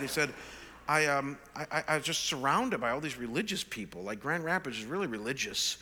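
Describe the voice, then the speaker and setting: A man in his sixties, a pastor, telling an animated, self-deprecating story in a sermon. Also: medium pitch, a little fast. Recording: long reverb of a large hall.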